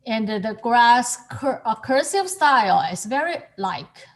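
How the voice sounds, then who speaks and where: A woman's voice: a little high, expressive, takes it slowly. A woman teaching a student over a video call, explaining patiently and encouraging the student as she repeats each word. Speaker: calligraphy and Chinese teacher. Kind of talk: online lesson explaining to a student.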